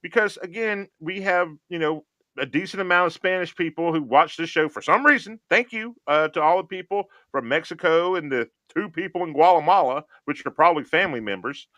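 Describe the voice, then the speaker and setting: A man's voice: a little high, brisk, sharp tone, dry recording. A man hosting a casual gaming podcast, joking and rambling as he thinks aloud. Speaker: podcast host.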